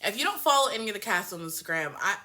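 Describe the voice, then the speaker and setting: A woman giving a casual reaction review of a TV show in animated, profane, rambling rants. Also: mid-range voice, rapid-fire, slight background noise.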